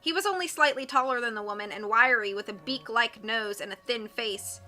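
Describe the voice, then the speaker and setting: Woman audiobook reader, bright and somewhat high, steady expressive narration. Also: a little fast, faint music behind. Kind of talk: reading a mystery novel aloud.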